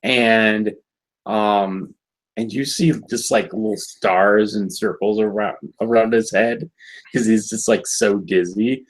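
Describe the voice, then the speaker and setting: A man's voice: lowish voice, fairly even intonation, slow pace, low-quality recording. A man on a casual review podcast, talking in a laid-back, hesitant way with lots of fillers. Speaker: podcast co-host reviewing a cartoon episode. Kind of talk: casual chat.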